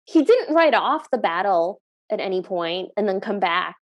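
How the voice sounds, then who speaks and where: A woman co-hosting a podcast, recapping a movie in casual chat and acting out the characters' lines with animated energy. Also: mid-range voice, moderate pace. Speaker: podcast co-host.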